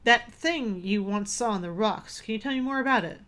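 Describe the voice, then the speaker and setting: A woman's voice: on the high side, normal speed, fairly bright tone, slight background noise, close to an everyday voice. A woman voicing a polite, inquisitive male doctor in a game, reading his lines with a few stumbles.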